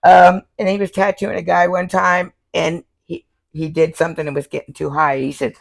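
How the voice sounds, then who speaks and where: Gravelly older woman telling stories. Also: on the low side, moderate pace. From Florida. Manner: animated, laughs often, acts out quoted voices. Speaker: tattoo artist guest. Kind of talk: casual storytelling interview.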